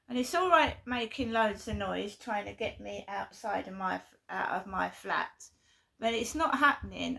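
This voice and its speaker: Woman vlogger, gravelly and bright, emphatic, aggrieved venting monologue. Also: fairly high pitch.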